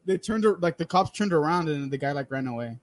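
A man's voice: fairly high pitch, fast talker, no room sound. A man from Texas, a podcast co-host swearing freely as he tells a story. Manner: profane, animated storyteller. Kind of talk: casual storytelling chat.

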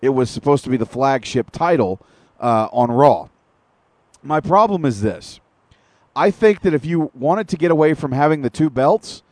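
A man's voice: mid-range voice, a little mellow, no room sound. A man co-hosting an internet radio show, ranting in casual, profane wrestling talk with long detailed recaps. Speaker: podcast co-host.

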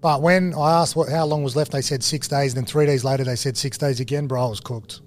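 A man, a guest casually telling stories, animated and full of slang. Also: mid-range voice, a little fast, a little hiss or hum. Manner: animated, slangy, swings into excited quoting. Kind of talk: casual storytelling.

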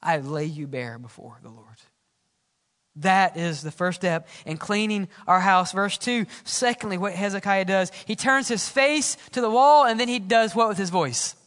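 A man preaching a sermon as pastor, swinging from loud exclamations to hushed, quiet lines. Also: high voice, moderate pace, hardly any pauses. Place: church sanctuary. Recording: church hall reverb.

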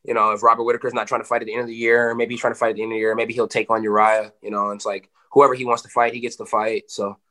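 Man, fighter, fast talker, bright forceful tone, casual interview, animated, swearing. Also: mid-range voice. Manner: animated, swearing, lots of "you know".

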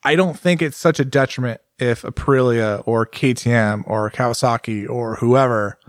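Animated man in casual bike chat. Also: medium pitch, dry recording, studio quality. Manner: animated, acts out riders' thoughts in quick bursts. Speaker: podcast co-host.

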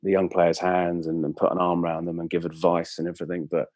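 A man's voice: low-pitched, completely flat delivery, fast talker, no room sound. A man, a club presenter telling anecdotes as a guest in casual chat, with many fillers and restarts. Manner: warm storyteller, frequent fillers and restarts.

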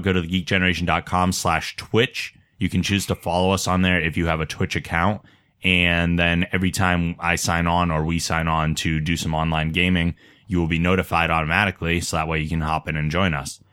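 A man hosting a podcast in a studio, talking casually in a relaxed, chatty way. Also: deep voice, a little fast. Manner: relaxed and chatty, with frequent fillers. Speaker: podcast host.

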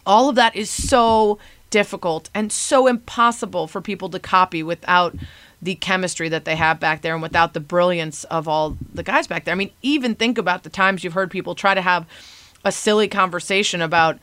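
A woman's voice: lowish voice, brisk, fairly bright tone, dry recording. A woman giving an earnest, admiring tribute to a show. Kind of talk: tribute speech.

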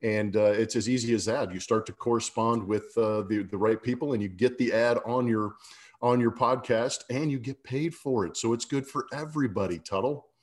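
A man's voice: medium pitch, moderate pace. A man hosting a sports podcast, talking casually and reading ads with a scratchy morning voice. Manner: laid-back, fillers and restarts, ad reads. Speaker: podcast host.

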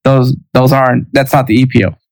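A man's voice: mid-range voice, fairly even intonation, brisk, creaky, no echo, low-quality recording. A man co-hosting a casual soccer podcast, speaking hesitantly with stammers and restarts. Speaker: podcast co-host. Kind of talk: casual sports chat.

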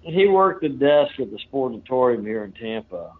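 A man tells a long story in a loose, folksy way, full of fillers and restarts. He sits at an ordinary, middling pitch. The sound is narrow and tinny, like a phone line. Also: big pitch swings, moderate pace, a crowd in the background. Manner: rambling, folksy, lots of fillers. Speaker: interview guest. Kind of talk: casual storytelling.

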